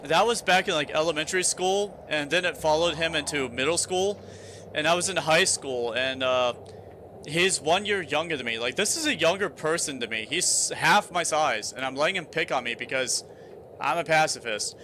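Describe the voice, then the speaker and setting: A man's voice: a little high, moderate pace, sharp tone, a little hiss or hum. A young man streaming a game, chatting casually and telling a long story with frequent restarts. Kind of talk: casual chat while gaming.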